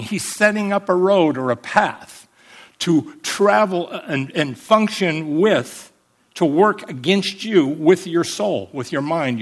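A man preaching from the pulpit in a fairly high voice. He talks emphatically, calling for amens and slowing down to spell out old words. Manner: emphatic preaching, calls for amens, explains Greek words slowly. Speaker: pastor. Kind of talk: sermon.

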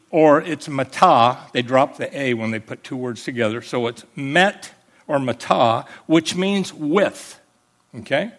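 Emphatic preacher, a man with a fairly high voice. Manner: emphatic preaching, calls for amens, explains Greek words slowly. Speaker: pastor. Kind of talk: sermon.

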